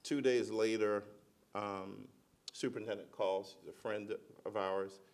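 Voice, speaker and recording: A middle-aged man on a conference panel, a school principal telling a lively personal story and acting out the voices of the people in it. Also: lowish voice, measured pace, creaky. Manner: animated storyteller, acts out quoted voices.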